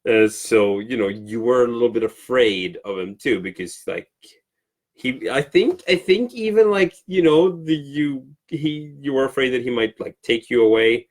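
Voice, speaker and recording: A Swedish man co-hosting a casual livestream, explaining customs with many pauses and restarts. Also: medium pitch, animated. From Sweden. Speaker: co-host teaching Swedish. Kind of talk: casual teaching chat.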